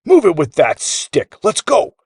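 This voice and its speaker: A man voicing a magical echo that roars a boy's bossy commands back loudly. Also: sits high, huge pitch swings, unhurried, slightly rough, clean studio sound, voice pushed up, exaggerated voice. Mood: roaring. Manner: loud, roaring commands.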